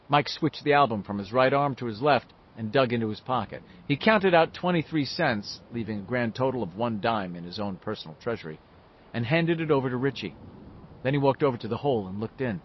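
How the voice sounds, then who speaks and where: Expressive male audiobook narrator. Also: mid-range voice, a little fast, highs cut off. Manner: lively, expressive reading. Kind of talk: scripted narration.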